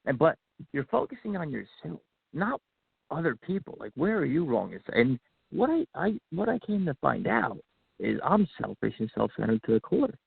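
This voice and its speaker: A man tells a heartfelt personal story in a gravelly, husky voice whose pitch rises and falls a great deal. He is animated, acts out the lines of the people in his story, and keeps restarting his sentences. The sound is narrow and phone-like, and the room is dry. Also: moderate pace, no echo. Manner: animated, acts out quotes, frequent fillers and restarts. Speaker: podcast guest. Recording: phone-like narrow band audio.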